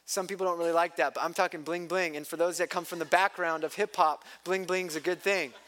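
Male pastor in his thirties, high-pitched, preaches with passion and loose, chatty asides. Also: steady tone, fairly quick, fairly bright tone, slight background noise. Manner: impassioned, rising to emphatic peaks, chatty asides. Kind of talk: sermon. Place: church.

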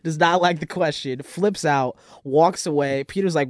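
A man's voice: fairly high pitch, moderate pace, few pauses, no room sound, studio quality. A man co-hosting a podcast, recapping a dating show in casual chat and acting out what people said. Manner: animated storytelling, acts out quotes. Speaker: podcast co-host.

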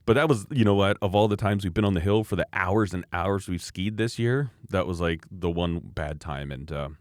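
A middle-aged man telling an animated story in casual chat, acting out other people's voices as he goes. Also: low voice, moderate pace, dry recording, studio quality.

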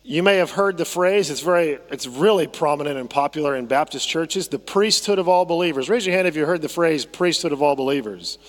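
A man's voice: a little high, a little fast, hardly any pauses, big-room sound. A man preaching a sermon as pastor, conversational, often repeating phrases and asking the congregation to respond. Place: church sanctuary.

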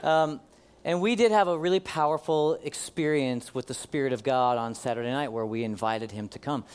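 A man's voice: mid-range voice, normal speed, clear, resonant tone. A man preaching a sermon to his congregation in a conversational way, with ums and uhs. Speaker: pastor.

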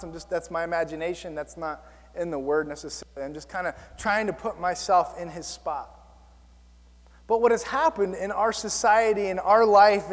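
A male pastor preaching a sermon, telling stories in an animated, self-mocking way. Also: high-pitched, big-room sound.

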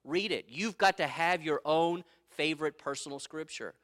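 A man's voice: on the high side, normal speed, a bit bright. A middle-aged man preaching a sermon as pastor, emphatic and repeating his key phrases, with stories from his own life.

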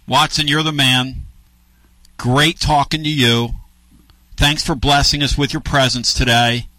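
Bright-voiced brash radio sports host. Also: male voice, mid-range voice, fairly even intonation, measured pace, no room sound. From northern United States. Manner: brash, storytelling, teasing co-hosts. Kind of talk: casual radio sports talk. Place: radio studio.

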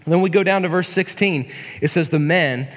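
A man with a notably high voice delivers a casual, joking sermon in a folksy way, full of asides and restarts. His voice rings out with a long reverb in a church hall. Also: moderate pace. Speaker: preacher.

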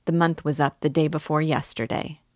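Stingy old pawnbroker woman, severe, curt, low voice, dry close sound, a woman reading her part. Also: flat delivery, normal speed, darkish tone, dry recording, close to an everyday voice.

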